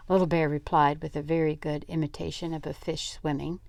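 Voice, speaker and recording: An older woman reading a children's novel aloud, slow and deliberate, sometimes dropping to a whisper. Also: sits low, level tone, vocal fry, darkish tone, no echo. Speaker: read-aloud narrator.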